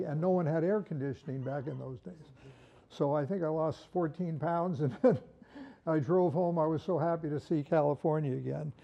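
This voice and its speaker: A man's voice: on the high side, creaky, dark tone, lo-fi sound. An older man in the carpet trade giving an informal, folksy product talk, rambling through stories with humor.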